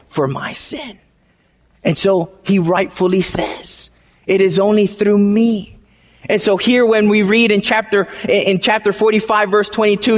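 A man preaching a sermon, emphatic and repetitive, swinging from hushed lines to shouted ones. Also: sits high. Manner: emphatic, repeats phrases, swings between quiet and shouting. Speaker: pastor. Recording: long hall reverb.

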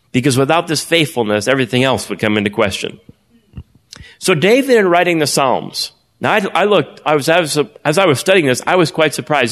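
A male pastor preaching a sermon, asking the congregation questions and swinging his pitch for emphasis. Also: fairly bright tone, in a large hall.

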